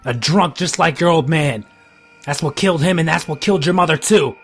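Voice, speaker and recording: A man voicing a grieving, furious old man in his seventies, shouting bitter accusations. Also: fairly high pitch, quick pace, breathy edge, faint music behind, pitched above the performer's own voice.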